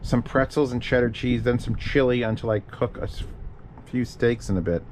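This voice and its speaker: Male streamer, casual rambling chat, swears a lot, mid-pitched voice, noisy background. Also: fairly even intonation, normal speed, a little mellow. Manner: profane, rambling, thinking aloud. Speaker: streamer answering audio questions.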